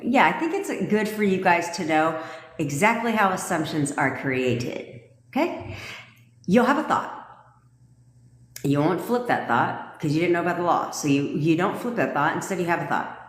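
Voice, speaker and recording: A woman's voice: lowish voice, lively intonation, moderate pace. A woman manifestation coach on a live stream, talking in a sassy, profane, emphatic way. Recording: echoey room with long reverb.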